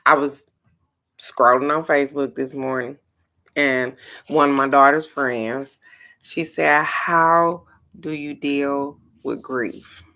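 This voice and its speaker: A middle-aged woman gives a casual card-of-the-day reading in a low voice. She talks slowly and takes her time. Her manner is frank and earnest, with the odd curse word. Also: fairly bright tone. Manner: frank, earnest, occasionally profane. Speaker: oracle card reader.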